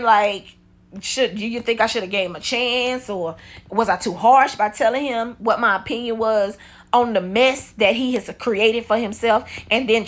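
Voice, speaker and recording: A woman in her forties telling a storytime vlog in a blunt, profane, animated way. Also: a little high. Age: 40s. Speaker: vlogger. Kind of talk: casual storytime monologue.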